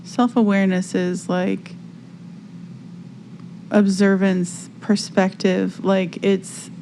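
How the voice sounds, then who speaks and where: A woman's voice: medium pitch, flat delivery, takes it slowly, gravelly, warm tone, a little hiss or hum. Reflective woman co-hosting a podcast. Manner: reflective, searching for words, lots of fillers. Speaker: podcast co-host. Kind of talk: casual spiritual chat.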